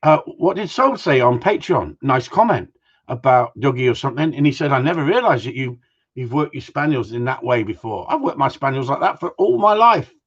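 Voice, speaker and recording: Blunt, husky middle-aged dog trainer. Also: male voice, mid-range voice, animated, fairly quick, highs cut off. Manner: blunt, swears freely, rambling and opinionated. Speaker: gundog trainer hosting a live Q&A. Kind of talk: casual live-stream rant. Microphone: live-stream mic.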